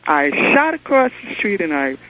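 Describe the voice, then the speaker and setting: A man calling in to a radio talk show, telling his story in an earnest, excitable way over the phone. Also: sits high, moderate pace, a little hiss or hum. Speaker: caller. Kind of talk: call-in storytelling. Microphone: telephone. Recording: muffled phone line.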